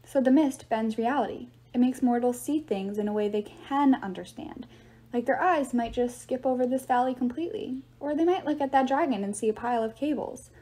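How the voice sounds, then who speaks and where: A woman's voice: fairly high pitch, a little fast, dark tone, natural voice. Woman voicing a tired, worried teen girl. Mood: explaining. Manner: tired, subdued explaining. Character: weary, worried teen girl, calm and explaining. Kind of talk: audiobook reading.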